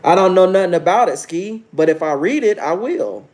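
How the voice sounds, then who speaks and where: A man's voice: sits high, expressive, moderate pace, a little mellow. A man in his thirties hosting a casual livestream, talking brashly and preaching at his viewers, challenging chat to answer him. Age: 30s. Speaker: livestream host.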